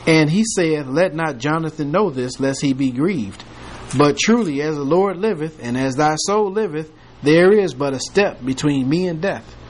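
A man teaching a small Bible study, his voice sitting slightly high. He moves between reading old scripture and telling the story again in his own playful, joking words. A faint hum of the room stays under him. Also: animated, moderate pace. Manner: reads scripture aloud then retells it with playful humor and laughter.

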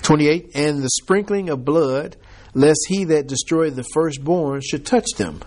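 A man leads a group Bible study in a relaxed, conversational way, quizzing his listeners as he goes. His voice is husky and a little high. He talks slowly and often laughs. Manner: chatty, laughs often, asks the group questions. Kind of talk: casual scripture teaching.

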